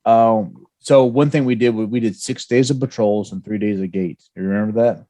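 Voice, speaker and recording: Mellow-voiced man telling war stories. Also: lowish voice, normal speed. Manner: storytelling, animated, with laughs. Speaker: podcast co-host. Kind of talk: casual veterans' podcast chat.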